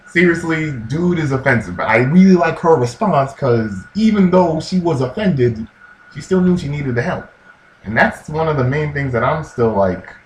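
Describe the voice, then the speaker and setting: A man giving casual religious commentary in a slangy, animated way, acting out quotes in different voices. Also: a little high, normal speed, a little hiss or hum. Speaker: vlogger. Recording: echoey room with faint ambience.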